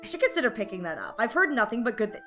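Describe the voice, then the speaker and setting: A woman's voice: a little high, sing-song, rapid-fire, a bit bright, faint music behind. A young woman chatting casually on a live art stream, giggly and playfully anxious as she talks to her chat.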